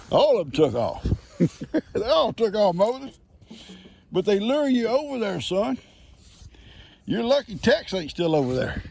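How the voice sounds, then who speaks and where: An older man with a gravelly, expressive voice whose pitch swings widely. He chats casually outdoors on his farm. He scolds his livestock fondly and calls out to them loudly in a high voice, with faint noise in the background. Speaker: farmer. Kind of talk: casual farm vlog, talking to animals.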